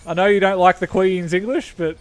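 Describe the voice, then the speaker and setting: His voice is high and steady, moving a bit quickly. He's a young Australian man streaming a game, casually rambling to viewers and fixing his own words as he talks.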